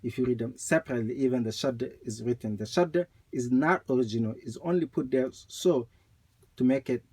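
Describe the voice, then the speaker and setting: A man teaching Quran recitation rules, explaining slowly and repeating points, with recited examples. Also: mid-range voice, darkish tone, slightly rough.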